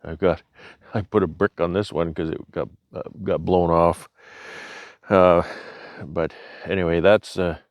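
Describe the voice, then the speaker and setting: In a casual show-and-tell for his beekeeping vlog, a Canadian man rambles easily with fillers and restarts. His low voice keeps fairly even intonation at a measured pace, pausing often. The recording is dry and lo-fi.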